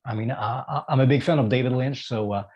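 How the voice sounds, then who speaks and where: A man's voice: medium pitch, fast, slightly rough, muffled recording. A man from Quebec with a Quebec French accent, a guest musician in a casual interview, talking hesitantly with many fillers and restarts.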